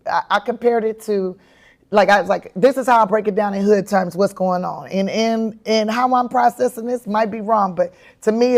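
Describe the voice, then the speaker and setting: Animated woman telling stories with laughter. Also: medium pitch. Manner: animated, acts out her own quotes with bursts of laughter. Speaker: comedian and actress, interview guest. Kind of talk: candid storytelling in an interview.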